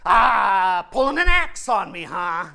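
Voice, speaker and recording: A man voicing a boastful, blustering male lion who loudly challenges others to fight, in a sermon retelling of a storybook scene. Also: high-pitched, sing-song, takes it slowly, gravelly, full character voice. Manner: loud swaggering challenges.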